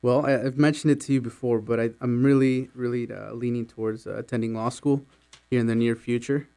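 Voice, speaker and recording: A man's voice: medium pitch, fairly even intonation, a little fast, mellow, clear, resonant tone. Male student guest, twenties, from Mexico, hesitant, studio interview. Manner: thoughtful, hesitant with many fillers. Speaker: radio guest, college student. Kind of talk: interview answers. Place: radio studio.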